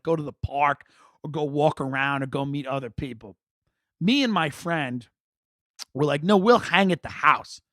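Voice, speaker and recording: Middle-aged male comic, slightly high voice, dry close mic, profane animated storyteller. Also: dry recording. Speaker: comedian podcast host.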